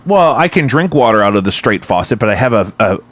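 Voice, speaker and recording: A man's voice: on the low side, sing-song, fast talker, a bit bright. A man hosting a casual livestream chat from his home basement, rambling and teasing. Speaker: podcast host.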